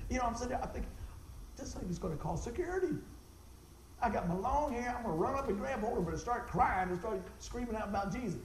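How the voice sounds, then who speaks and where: A man giving an animated, folksy testimony for a ministry, repeating himself and exclaiming as he tells the story. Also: fast talker, reverberant, slight background noise, rough recording. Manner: voice jumps high when excited, exclaims.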